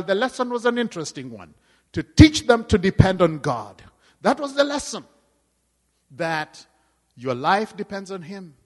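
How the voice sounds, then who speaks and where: High-voiced man preaching in a reverberant hall. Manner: dynamic preaching, swinging from hushed to loud cries. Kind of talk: sermon.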